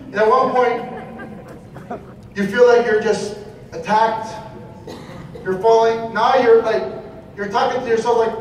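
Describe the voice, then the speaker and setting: A man's voice: very high-pitched, fairly even intonation, a little slow, long pauses. A man giving a motivational seminar talk, preachy and repetitive, firing questions at the audience. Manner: preachy, repeats phrases, asks the audience questions. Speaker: motivational speaker. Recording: echoey hall, voice from far off, faint noise.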